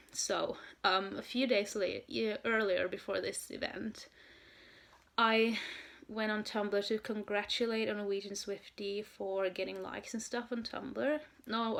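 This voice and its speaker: Excited young Norwegian woman, creaky voice. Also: medium pitch. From Norway. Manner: excited, gushing, many fillers. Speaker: vlogger, fan. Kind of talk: casual storytelling vlog.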